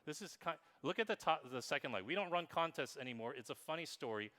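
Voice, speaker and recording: Man, conference keynote speaker, bright tone, playful, long hall reverb. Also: a little high, animated, fast talker. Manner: playful, reads examples aloud in an exaggerated voice. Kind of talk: conference talk on marketing.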